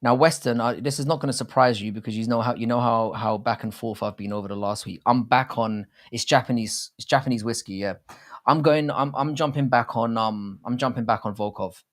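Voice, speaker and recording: A man's voice: mid-range voice, brisk. A man hosting a casual live stream, talking in a rambling, jokey and crude way with many restarts. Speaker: livestream host. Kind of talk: casual live-stream chat about fight betting.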